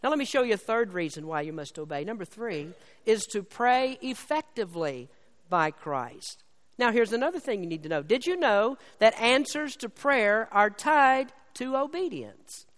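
A man preaching a sermon as pastor, slowing down and raising his voice on scripture and key lines, then dropping back low. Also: animated, a bit bright. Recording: long hall reverb.

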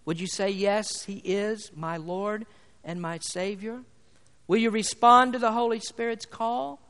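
A male pastor preaching a sermon, building to loud appeals and pressing rhetorical questions at his congregation. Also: high-pitched, steady tone, measured pace, smooth. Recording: long hall reverb.

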